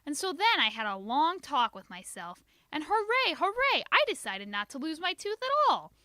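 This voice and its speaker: Woman playing a little girl, storybook, very high, shrill, melodramatic, stubborn, dry close sound. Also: very animated, moderate pace, sharp tone, no room sound, full character voice. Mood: insistent. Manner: shrieking, melodramatic outbursts. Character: excitable loud little schoolgirl, dramatic and stubborn.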